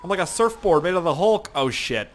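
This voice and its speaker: A young man giving casual, excitable commentary while playing a video game, swearing and exclaiming often. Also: sits high, fairly quick. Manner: excitable and profane, frequent exclamations and laughs. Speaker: gameplay commentator.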